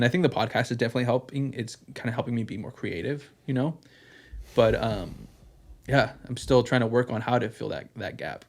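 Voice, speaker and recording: A man's voice: mid-range voice, creaky. A young man co-hosting a podcast, talking candidly and rambling, swearing freely and filling gaps with "um" and "like". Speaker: podcast co-host. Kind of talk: casual podcast chat.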